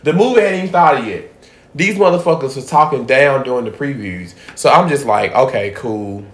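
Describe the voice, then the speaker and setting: Guy telling a cussing story on a podcast, loud then hushed, roomy echo. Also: mid-range voice, normal speed. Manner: profane, animated storyteller, drops to a hush for asides. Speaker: podcast host. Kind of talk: casual storytelling chat. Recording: echoey room.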